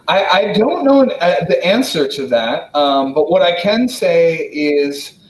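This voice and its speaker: An American man from Wisconsin answering questions in a relaxed, casual way, with many fillers and restarts. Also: on the high side, measured pace, roomy sound, rough recording. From Wisconsin, United States. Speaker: guest diplomat answering questions. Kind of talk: casual spoken Q&A.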